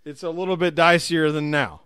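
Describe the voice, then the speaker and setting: A man's voice: a little high, fairly even intonation, brisk, a bit bright. A man co-hosting a racing podcast in casual, joking banter with frequent laughs. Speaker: podcast co-host. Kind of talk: casual chat.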